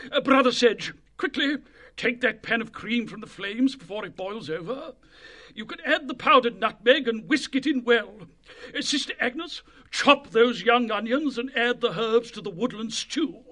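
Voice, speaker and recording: A man's voice: extremely high pitch, lively intonation, measured pace, sharp tone, pitched above the performer's own voice, exaggerated voice. A man voicing a fat, bustling and bossy male mouse cook in an audiobook. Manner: fussy, bossy. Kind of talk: audiobook reading.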